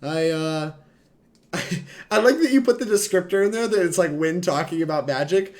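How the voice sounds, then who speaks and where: A man's voice: on the high side, animated, normal speed. A young man streaming a card game, chatting and rambling to his chat in a casual, laughing way. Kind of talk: casual gameplay commentary to chat.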